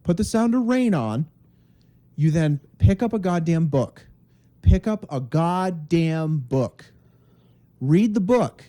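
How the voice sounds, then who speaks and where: Crude, animated man telling stories. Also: on the high side, takes it slowly. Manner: crude, animated storyteller who acts out voices. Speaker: podcast co-host. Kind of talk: casual comedic chat.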